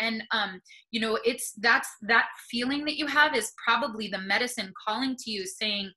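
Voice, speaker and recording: A woman's voice: a little high, normal speed, hardly any pauses, sharp tone, poor audio. A woman speaking earnestly and encouragingly on a video call webinar, getting emotional as she talks. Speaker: panelist on plant medicine. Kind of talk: webinar talk.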